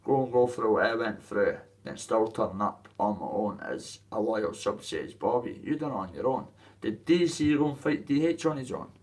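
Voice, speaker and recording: Very animated and barely pausing, a Dundee man tells his boxing story in a coarse, rambling rant to camera, swearing heavily. His voice is on the low side with a darkish tone, his pace moderate, and the mic sits at a distance.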